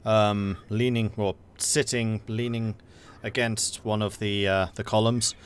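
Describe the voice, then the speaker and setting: Low-voiced man running a tabletop game. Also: flat delivery, unhurried, a little hiss or hum. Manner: loose, conversational narration with fillers. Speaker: game master.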